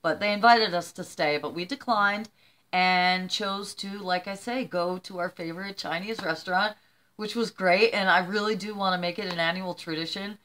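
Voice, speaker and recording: A woman's voice: on the low side, moderate pace. Chatty teary older woman vlogger. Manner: chatty, emotional, rambling with shout-outs. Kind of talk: casual chat to camera.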